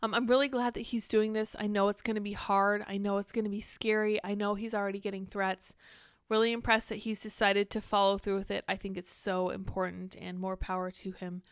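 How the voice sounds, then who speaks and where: Smooth-voiced sarcastic woman commentator. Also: mid-range voice, level tone, no echo, clean studio sound. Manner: candid, sarcastic, quick to react and digress. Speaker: political commentary host. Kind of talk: casual political commentary, reading news aloud.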